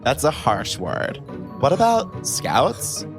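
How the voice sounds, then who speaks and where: A man's voice: medium pitch, wildly swooping pitch, takes it slowly, music in the background. A man voicing a scheming Wizard as a bubbly Valley Girl in a comic read-through of a musical scene.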